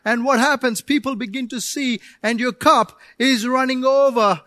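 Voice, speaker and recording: High-voiced pastor preaching animatedly. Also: male voice, moderate pace, no echo. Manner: animated preaching with playful asides and acted-out prayers. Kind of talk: sermon.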